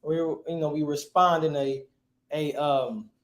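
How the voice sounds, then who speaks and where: A man's voice: a little high, steady tone, unhurried. A man teaching a class in a casual, slangy way, quizzing his students. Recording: echoey room.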